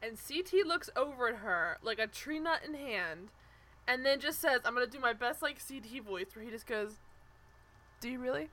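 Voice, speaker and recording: A young woman co-hosting a podcast, chatting casually about a reality show, animated and full of "like" and quick restarts. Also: a little high. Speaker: podcast co-host.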